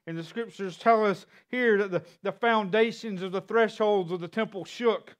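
High-pitched guy preaching, earnest, trips over words and repeats them, gets forceful reading scripture. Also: moderate pace, few pauses, clear, resonant tone. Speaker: pastor. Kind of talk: sermon.

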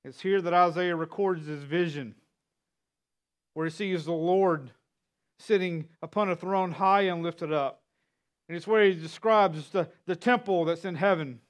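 A man's voice: sits high, unhurried. A man preaching a sermon. He speaks earnestly, sometimes repeats or restarts words, and builds force when he reads scripture aloud. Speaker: pastor.

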